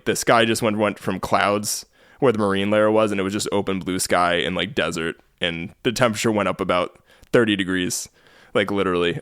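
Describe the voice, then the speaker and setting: A man with a low voice tells a road-trip story on a podcast. He is casual and chatty and laughs often, and the sound is close and dry. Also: a bit bright, smooth, no echo. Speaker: podcast host. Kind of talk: casual chat.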